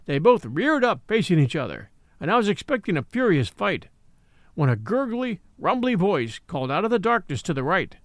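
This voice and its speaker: A man narrates a classic animal story and tells it expressively. His voice sits fairly high and moves about a lot in pitch. The recording is close and dry. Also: very animated, moderate pace, no echo. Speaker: audiobook narrator. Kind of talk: storybook reading.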